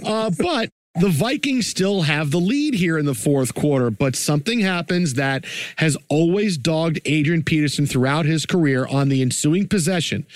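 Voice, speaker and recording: A man hosting a sports show, breaking down plays and telling stories in an animated, conversational way. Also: a little high, normal speed, dry recording. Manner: animated, conversational, filler-heavy. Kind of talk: casual game breakdown and storytelling.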